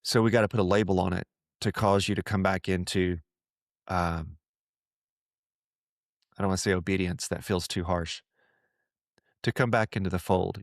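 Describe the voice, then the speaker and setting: A man's voice: deep voice, fairly even intonation, moderate pace, no echo, studio quality. A man hosting a podcast, talking about faith in an earnest, conversational way, often repeating himself and putting on voices to quote people. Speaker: podcast host. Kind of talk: reflective faith talk.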